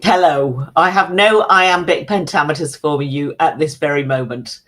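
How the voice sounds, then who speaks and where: A woman's voice: low voice, normal speed, a bit bright. A woman guesting on a radio show as a TV and film critic, chatting in a dry, teasing way. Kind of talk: casual radio chat.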